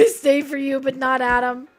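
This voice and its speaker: A woman's voice: high-pitched, level tone, measured pace, soft background music. A woman live streaming a game in casual chat, reading her chat aloud and joking back. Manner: chatty, reads chat aloud and answers it, jokey.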